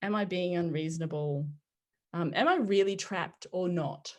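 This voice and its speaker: A woman in her forties, a podcast guest telling personal stories in an animated way, often laughing and acting out what people said. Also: fairly low pitch, moderate pace. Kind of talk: conversational storytelling.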